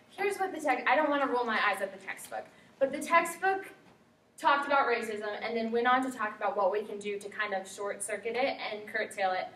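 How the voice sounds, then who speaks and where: A young woman gives a chatty classroom presentation full of fillers and quotes she acts out. Her voice is fairly high and a bit bright, picked up from far off in an echoey room with faint hiss.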